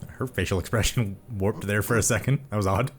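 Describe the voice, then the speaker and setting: A man's voice: fairly low pitch, fairly quick, soft background music. A man giving sardonic let's play commentary on a horror game. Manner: sardonic, animated. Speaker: gamer.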